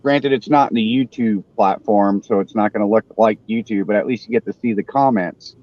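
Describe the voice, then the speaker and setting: A man in his forties hosting a casual live panel, talking haltingly and poking fun at himself. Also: lowish voice, a little mellow, muffled recording. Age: 40s. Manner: halting, self-deprecating, restarts often. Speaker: show host.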